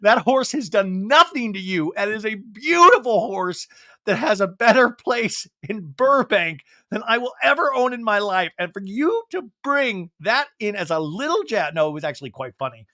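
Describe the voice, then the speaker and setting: Animated, mocking male podcast host. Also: sits high, moderate pace, no echo, clean studio sound. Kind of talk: comedic reality TV recap.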